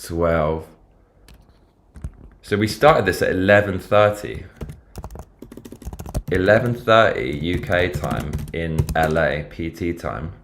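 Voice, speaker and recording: A man's voice: sits low, slow, long pauses, a bit bright, slight background noise. A man with a London accent hosting a casual livestream, rambling and swearing freely as he talks over the news and reads viewer comments. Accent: London English. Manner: rambling, profane, slangy. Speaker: livestream host.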